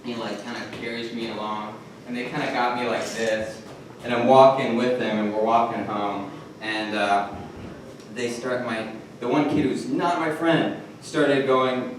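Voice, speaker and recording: A young man with a Detroit accent telling a rambling, self-mocking story at a live storytelling night, with halting restarts. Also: mid-range voice, steady tone. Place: comedy club stage. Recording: echoey room from far off, noisy.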